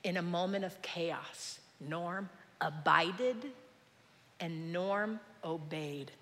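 A woman giving a sermon with animated storytelling, addressing a congregation in a large church. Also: lowish voice, extremely slow. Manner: animated storytelling, acting out quoted people. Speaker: preacher. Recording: echoey hall with long reverb.

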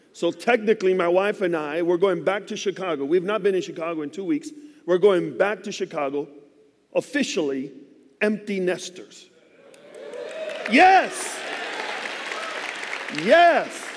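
A man in his fifties, a guest pastor, preaching a sermon in a church with lively, joking storytelling. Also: fairly high pitch, in a large hall. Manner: animated storytelling with joking asides. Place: church sanctuary.

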